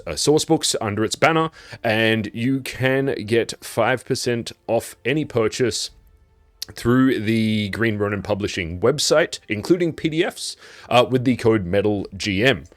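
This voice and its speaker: Australian man as a laid-back game master, lowish voice, dry close mic. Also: animated, unhurried, no echo. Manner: chatty and loose, laughs easily. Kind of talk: casual stream intro.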